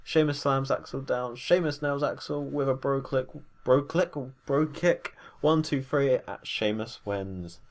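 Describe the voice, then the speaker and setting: A man's voice: medium pitch, a little slow, few pauses. A man giving a casual, rambling recap of wrestling matches, full of fillers and self-corrections. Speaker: wrestling show reviewer.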